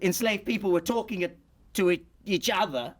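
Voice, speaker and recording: A man's voice: sits high, moderate pace. A man voicing a cheeky male puppet who hosts a comedy podcast, teasing and provocative, with a South African accent. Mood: cheeky, curious. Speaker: host.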